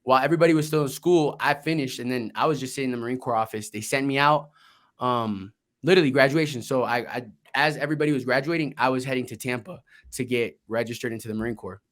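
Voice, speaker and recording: A young man tells his story as an interview guest, blunt and energetic with plenty of swearing. His voice sits in an ordinary middle pitch. He talks casually, with restarts and quick asides. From Colombia, raised in Florida. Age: young adult. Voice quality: energetic, candid, swears freely. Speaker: guest, investor and Marine veteran.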